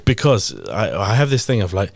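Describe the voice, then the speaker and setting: A British man with a very low, deep voice chats easily, wandering through his thoughts with plenty of "you know, sort of" fillers. The sound is dry and close, with no room around it. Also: animated, a little fast, no echo. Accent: British English. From England. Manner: rambling, self-deprecating, many fillers. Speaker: guest actor. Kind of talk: casual interview chat.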